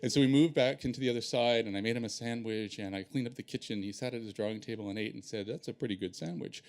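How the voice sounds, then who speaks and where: A man telling a personal story on stage in an animated, self-deprecating way. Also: mid-range voice, fast.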